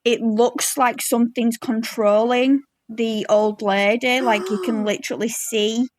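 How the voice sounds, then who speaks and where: A woman's voice: fairly high pitch, steady tone, unhurried, dry recording. A woman from the UK, chatting as a podcast guest in a rambling way, full of fillers. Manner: rambling, filler-heavy storytelling. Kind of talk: casual chat.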